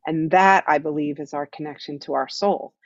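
A woman who teaches meditation explains her ideas as an interview guest, earnest and instructive, frequently checking in with "right?". Her voice is low and moderately paced, and the recording is dull and dry with no room sound.

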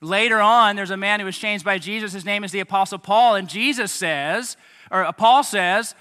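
Bright-voiced pastor preaching in an echoey hall. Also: male voice, high voice, normal speed. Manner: lively, chatty asides to kids and parents. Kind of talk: sermon to children and families. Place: church hall.

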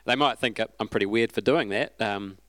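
A man preaching a sermon in a relaxed, conversational, storytelling way. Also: lowish voice, moderate pace, dry recording.

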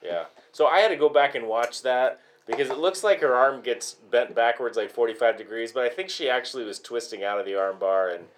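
This is a man co-hosting a casual fight chat. His voice is mid-pitched, and his delivery is matter-of-fact as he asks questions and reads out details. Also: animated, a little fast, hardly any pauses, a little hiss or hum.

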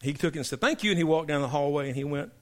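A middle-aged male pastor preaching a sermon to his congregation, emphatic and preacherly, dropping low for punchlines. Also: animated, rapid-fire. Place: church sanctuary.

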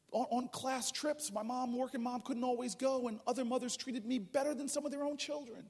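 Man from new jersey, politician, humorous storytelling speech, very high voice, long hall reverb. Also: breathy edge. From New Jersey, USA. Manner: animated, humorous, with many restarts. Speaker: politician speaking at a town hall. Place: large public hall.

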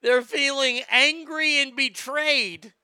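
A man's voice: extremely high pitch, takes it slowly, pushed and bright, dry recording, clean studio sound. A middle-aged man hosting comedic commentary, mocking and sarcastic, laughing often and slipping into silly voices. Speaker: host.

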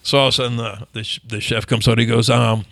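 A man in his fifties, a podcast guest telling stories in an animated, chatty way and often checking in with "you know what I mean". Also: medium pitch, vocal fry, no echo. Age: 50s. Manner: animated, quick storyteller who keeps asking "you know what I mean". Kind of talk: casual storytelling.

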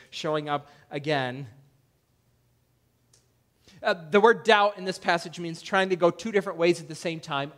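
A male pastor preaching a conversational sermon, acting out quoted lines with a raised, louder voice. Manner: conversational preaching, acts out quoted voices with rising pitch and loudness. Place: church.

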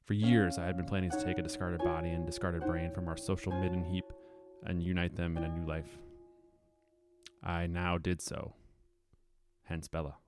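A man's voice: low voice, flat delivery, loud music behind the voice, lightly acted. A man playing a grave, clinical old doctor. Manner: measured, solemn delivery. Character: grave older male doctor, coolly clinical. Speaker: film character narrating. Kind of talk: scripted film narration.

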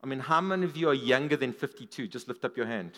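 A man preaching a sermon at a church service, animated, his voice swinging up and down for emphasis. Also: quick pace. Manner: animated, rises and drops in pitch and volume for emphasis.

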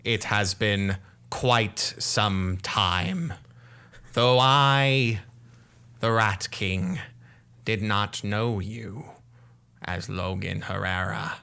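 A man voicing an ancient king of rats who speaks as a swarm, slow and formal. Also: fairly low pitch, gravelly, sharp tone, clear, resonant tone, exaggerated voice. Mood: commanding. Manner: slow, solemn, formal pronouncements.

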